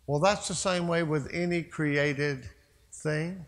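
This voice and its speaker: A man's voice: fairly high pitch, takes it slowly. A man preaching a sermon as a pastor, telling a story in a loose conversational way with asides. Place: church sanctuary. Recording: long church reverb.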